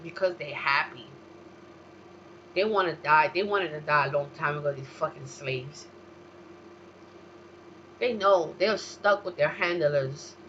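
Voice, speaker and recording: Woman host ranting slow and heated, cusses a lot, dips low then yells, kinda dull lo-fi sound w faint hiss. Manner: profane, heated, jumps from low mutters to shouting. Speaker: talk show host. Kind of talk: solo ranting monologue.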